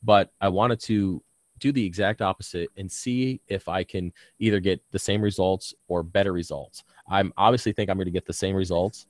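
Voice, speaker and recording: A man's voice: sits low, steady tone, moderate pace, darkish tone, dry recording, studio quality. A man hosting a casual live-stream Q&A about his reef tanks, rambling with lots of ums and casual swearing, talking with a slight lisp from a bitten tongue. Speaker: reef aquarium channel host.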